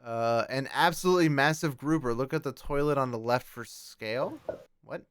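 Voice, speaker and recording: A man co-hosting a podcast, chatting casually and reading posts aloud with excited exclamations. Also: medium pitch, moderate pace, smooth. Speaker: podcast co-host. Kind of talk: casual chat reacting to posts.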